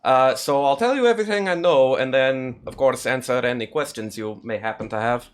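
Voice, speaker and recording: A man's voice: mid-range voice, brisk, slight background noise, lightly acted. A man voicing an earnest young prince in a tabletop game, with an attempted Russian or Slavic accent, explaining things politely and a little formally. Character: young male prince guide, earnest and helpful. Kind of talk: in-character tabletop role-play.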